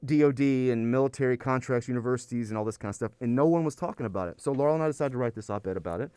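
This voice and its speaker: A man's voice: mid-range voice, rapid-fire, dark tone, clear, resonant tone, no room sound. A man, an anthropology professor, talking in a casual podcast interview, rambling and worn out, often restarting his sentences. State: weary.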